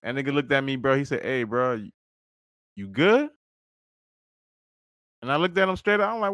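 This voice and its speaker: A man's voice: on the high side, sing-song, brisk, long pauses, fairly bright tone, no echo, studio quality. A man hosting a podcast, telling a story casually and profanely, acting out quoted dialogue. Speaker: podcast host.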